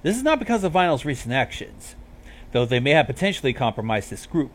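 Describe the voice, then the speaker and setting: A man's voice: mid-range voice, big pitch swings, fast talker. A man voicing a regal, stern night princess mare who speaks formally and commandingly.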